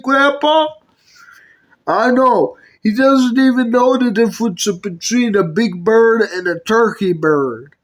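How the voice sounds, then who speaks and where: A puppet video maker performing every character in a comedy skit, switching between bickering character voices. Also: mid-range voice.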